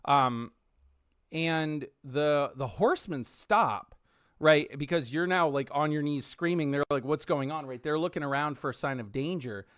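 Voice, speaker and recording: A man's voice: a little high, measured pace, a bit bright, clean tone. A man narrating as game master in a hesitant way, with frequent ums and restarts.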